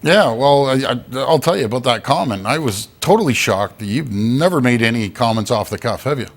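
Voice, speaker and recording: A man's voice: mid-range voice, animated, a little fast. A man co-hosting a political talk show, combative and sarcastic. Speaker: co-host.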